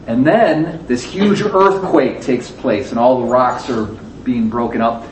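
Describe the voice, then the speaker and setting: A man's voice: mid-range voice, unhurried, hardly any pauses, echoey room. Man, Bible class teacher, conversational, acts out quotes, distant mic, faint room noise. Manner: conversational, asks the audience questions, acts out quotes.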